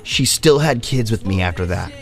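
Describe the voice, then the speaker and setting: A man hosting a casual chat show, telling a story in a relaxed way and acting out other people's lines in raised voices. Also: fairly low pitch, moderate pace, vocal fry. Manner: animated, acts out friends' lines in raised voices. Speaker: podcast host.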